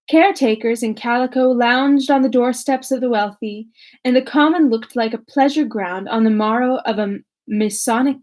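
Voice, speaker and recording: A woman's voice: on the high side, darkish tone. A young woman who chats casually and self-mockingly with many fillers, then reads a classic novel aloud. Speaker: audiobook reader.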